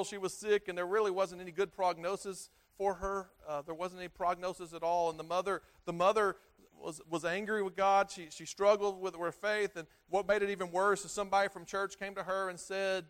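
A middle-aged pastor gives a sermon in a high, level voice, halting often and repeating words. He builds to loud, emphatic peaks and lets his phrases sink low at the end.

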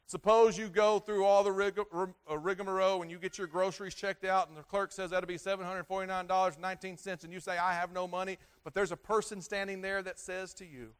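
A man preaching a sermon, repeating himself and restarting phrases, swinging between loud stresses and quiet, low endings. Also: little pitch movement, fast talker, few pauses, clean tone. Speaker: pastor.

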